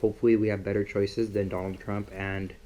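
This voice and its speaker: A man's voice: on the low side, little pitch movement, brisk, mellow. A young man rambling casually about his political opinions in a vlog, with lots of filler words. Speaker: vlogger.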